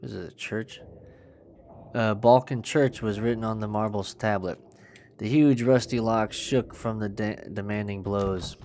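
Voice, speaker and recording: A man's voice: on the low side, fairly even intonation, measured pace, darkish tone, a little hiss or hum. A man streaming a horror game, reading its text aloud with crude, joking asides. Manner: profane, joking asides between narration. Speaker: gaming streamer.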